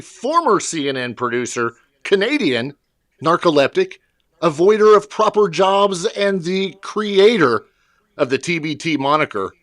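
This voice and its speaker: A man hosting a casual podcast, playful and upbeat. His voice climbs and dips a lot and sits slightly high. The sound is dry and close. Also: no echo. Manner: playful, lively introductions. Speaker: podcast host. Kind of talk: casual chat.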